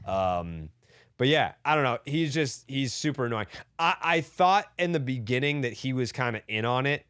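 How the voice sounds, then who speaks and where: A man's voice: mid-range voice, lively intonation, normal speed, fairly bright tone, clean tone, no room sound. Podcast co-host, male, mid-range voice, fired-up and foul-mouthed, dry studio sound. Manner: heated, profane ranting. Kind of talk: casual sports talk.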